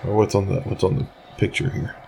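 A man's voice: sits low, huge pitch swings, brisk, gravelly, dark tone, slight background noise, poor audio. A man chatting with his young child at bedtime at home, patiently asking question after question to keep her talking. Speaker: father. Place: home, bedroom at night.

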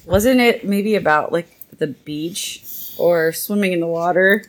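Woman, thirties, slightly low voice, casual chat, easy laugh, hesitant answers. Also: a little slow. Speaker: podcast co-host and mother.

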